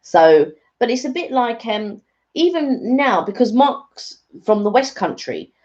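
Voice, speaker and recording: A woman's voice: a little high, big pitch swings, unhurried, darkish tone. A woman co-hosting a live stream, chatting casually and rambling with fillers and restarts. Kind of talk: casual chat. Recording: dull lo-fi stream audio.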